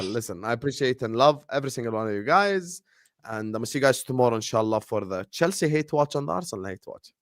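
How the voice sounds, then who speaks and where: A man hosting a casual football livestream, wrapping up with quick, teasing shout-outs. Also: medium pitch, expressive, dry recording, studio quality. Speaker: podcast host.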